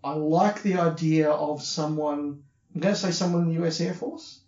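Australian man, fairly high voice, casual podcast chat, opinionated, echoey dull room recording. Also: steady tone, moderate pace, darkish tone. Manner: chatty, opinionated, repeats words when starting. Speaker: podcast co-host. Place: hotel room.

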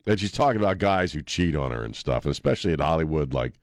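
A man's voice: extremely low pitch, lively intonation, fast, dry recording, studio quality. A man hosting a talk radio show, joking and laughing in a laid-back way. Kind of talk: casual talk radio banter. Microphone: studio mic.

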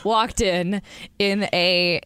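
A woman's voice: medium pitch, fairly even intonation, drawn-out words, a bit bright, smooth, no room sound. A young woman hosting a podcast in casual chat, dry and sarcastic, laughing often. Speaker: podcast host.

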